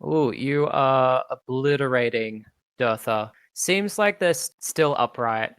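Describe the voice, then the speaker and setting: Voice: mid-range voice, slow pace, a bit bright, smooth, no room sound. A game master narrating a tabletop game in a laid-back, hesitant way with many ums.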